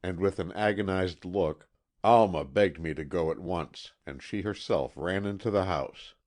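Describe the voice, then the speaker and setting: Deep, slow, expressive male audiobook narrator. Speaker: audiobook reader. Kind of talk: scripted narration of a classic mystery novel.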